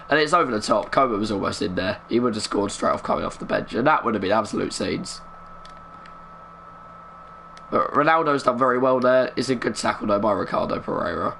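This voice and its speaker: A young man talks through a football video game match as he plays, keeping his voice low on purpose. His voice sits at an ordinary middle pitch, and he chats and mutters along between sudden bursts of excitement. A faint hum runs under the recording. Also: creaky. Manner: chatty, muttering, bursts of excitement at big moments. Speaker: gaming streamer. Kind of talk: live gameplay commentary.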